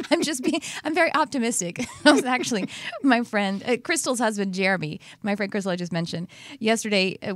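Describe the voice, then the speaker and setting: A woman's voice: medium pitch, no echo. Casual Texan woman host, playful and chatty, laughing easily, dry close-mic sound. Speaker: podcast host.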